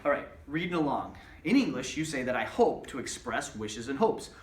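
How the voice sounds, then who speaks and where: A man's voice: mid-range voice, sing-song, moderate pace, far from the mic, slight background noise. Patient male Spanish teacher, echoey room. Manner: patient, repetitive explaining with spelled-out examples. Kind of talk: recorded classroom lesson.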